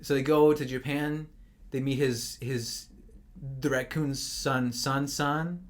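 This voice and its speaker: A man's voice: medium pitch, fairly even intonation, slow. A young man co-hosting a podcast in casual chat, rambling and stammering through restarts as he recaps a movie. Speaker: podcast co-host.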